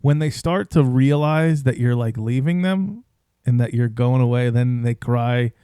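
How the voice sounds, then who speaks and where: A man's voice: mid-range voice, a little slow, mellow, clear, resonant tone, no room sound, studio quality. A man in his thirties co-hosting a podcast, talking in a thoughtful, reflective way. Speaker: podcast co-host. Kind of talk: casual chat.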